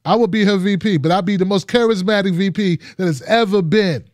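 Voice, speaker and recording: A man's voice: sits high, a little fast, dry recording, clean studio sound. A man hosting a political commentary show, talking casually and emphatically to his viewers and often repeating phrases. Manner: emphatic and repetitive, restarts phrases.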